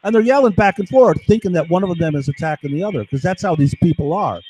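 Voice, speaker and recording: A man's voice: sits high, lively intonation, fast, mellow, husky, low-quality recording. A man telling a long, agitated story on a live stream, swearing often and tagging his sentences with "right?". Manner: agitated, profane, keeps asking "right?". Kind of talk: rambling monologue.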